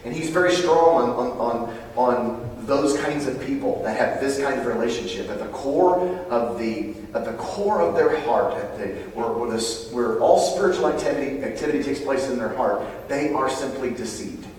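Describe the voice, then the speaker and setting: A middle-aged American man preaching a sermon, swinging from loud, high bursts to low, quiet asides. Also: moderate pace, a little hiss or hum. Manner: animated, climbs high and loud when stirred, then drops low and quiet. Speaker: pastor. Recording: echoey hall, voice from far off.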